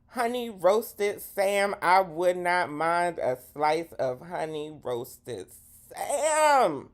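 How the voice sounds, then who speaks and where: A woman hosting a live gossip show, talking in a sassy, profane, dramatic way and swooping into high exclamations. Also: a little mellow. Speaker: host.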